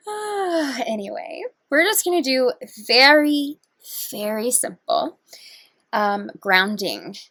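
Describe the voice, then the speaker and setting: A woman vlogging casually, bubbly and giggly, who turns slow and hushed to guide a meditation. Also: on the high side, breathy edge, no room sound.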